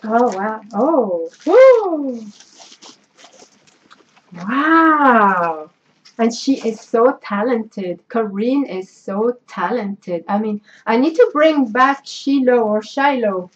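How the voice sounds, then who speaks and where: A woman with a French accent chats through an unboxing vlog, sentimental and effusive in her thanks. She talks unhurriedly in a somewhat high voice. The recording sounds dull and lo-fi. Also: takes it slowly, hardly any pauses. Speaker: craft vlogger. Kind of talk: casual unboxing chat.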